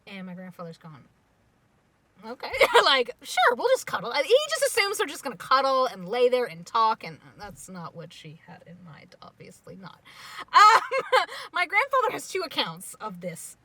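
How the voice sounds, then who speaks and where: A young woman casually telling a family story, animated and getting loud and excited at the dramatic parts. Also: fairly high pitch, moderate pace, no room sound.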